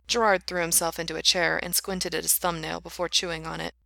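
A woman reading a fan fiction story aloud in an even, unhurried way. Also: on the low side, gravelly, no echo.

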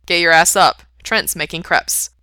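A woman voicing a brash young man who talks loudly and teases. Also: on the low side, normal speed, clean tone, no echo, clean studio sound. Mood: teasing. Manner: loud and teasing.

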